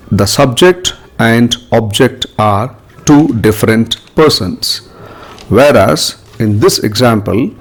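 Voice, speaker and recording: A middle-aged male English teacher with an Indian English accent talks through a grammar lesson at a very slow, measured pace. His voice sits at an ordinary middle pitch. He reads each example sentence out deliberately and explains it step by step.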